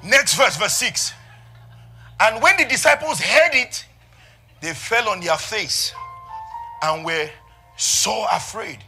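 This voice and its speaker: A male pastor preaching an impassioned sermon, swinging between hushed asides and shouted passages. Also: high-pitched, expressive, takes it slowly, vocal fry, long pauses, soft background music.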